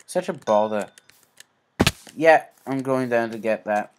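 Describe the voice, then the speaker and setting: A man's voice: medium pitch, unhurried, noisy background. A man giving let's play commentary, rambling to himself and yelping at sudden scares. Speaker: gaming YouTuber.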